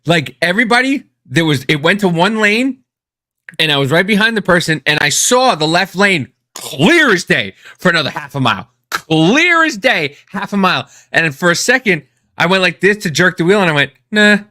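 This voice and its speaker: A man co-hosting a podcast, telling stories in a casual, profane, animated way with sudden loud outbursts. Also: high-pitched, moderate pace, dry recording, studio quality. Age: adult, has an ex-wife. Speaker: podcast co-host. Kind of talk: casual chat.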